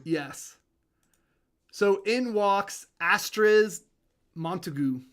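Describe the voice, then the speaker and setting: High-voiced man running a tabletop game. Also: drawn-out words. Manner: relaxed, hesitant narration with many fillers. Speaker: game master.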